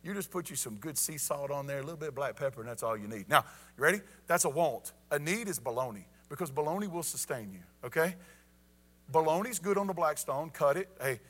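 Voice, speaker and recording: A man's voice: a little high, expressive, brisk. A man preaching a folksy evening sermon, often asking "you ready?" and saying "y'all".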